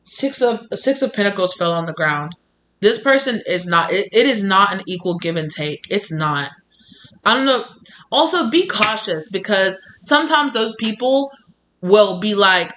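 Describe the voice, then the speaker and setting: A tarot reader talks straight to the viewer in a loose, unscripted reading. The voice sits at a middle pitch with a bright, forward edge. They speak bluntly, swear often, and slip into the voices of the people they describe. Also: animated, moderate pace, a little hiss or hum. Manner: blunt and profane, acts out quoted people. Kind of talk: casual tarot reading to camera.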